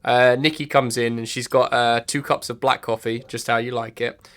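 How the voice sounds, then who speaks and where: A man's voice: medium pitch, level tone, normal speed, fairly bright tone. A man acting as game master, setting scenes with many hesitations and fillers. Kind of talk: running a tabletop role-playing game.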